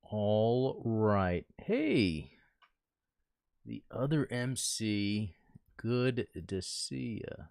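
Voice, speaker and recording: A man's voice: lowish voice, sing-song, extremely slow, creaky, a little mellow, clean tone, no room sound, studio quality. A man hosting a casual livestream from home, chatting with viewers while setting up and thinking aloud, talking into a desk mic. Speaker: livestream host. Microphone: desk mic he talks into.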